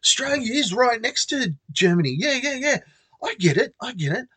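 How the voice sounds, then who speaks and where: A man voicing a naive, sweet young American woman who is eager and slow on the uptake. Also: extremely high pitch, sing-song, bright, forceful tone, breathy edge, dry recording, pitched above the performer's own voice, full character voice.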